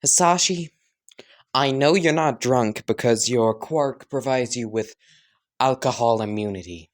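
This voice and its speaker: A man's voice: mid-range voice, a little slow, natural voice. A man voicing a tired, fed-up young woman who sighs and speaks bluntly. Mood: weary.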